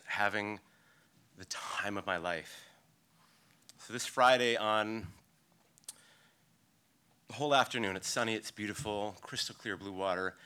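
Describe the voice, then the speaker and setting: Lowish-voiced man telling a personal story. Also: clean tone. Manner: vivid, halting retelling that swings between excited and hushed. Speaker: storyteller, local surfer. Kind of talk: personal story told live on stage. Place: live storytelling event before an audience.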